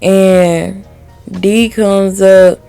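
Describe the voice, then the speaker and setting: A woman's voice: mid-range voice, steady tone, very slow, mellow, smooth, faint music behind. A woman reviewing a TV episode to camera in a candid, heated, profane way, laughing often. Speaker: TV show reviewer. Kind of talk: casual video review.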